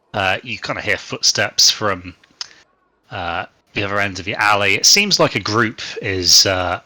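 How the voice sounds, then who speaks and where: A man narrating a tabletop game as game master, in a relaxed, rambling way with many fillers. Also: lowish voice, no room sound.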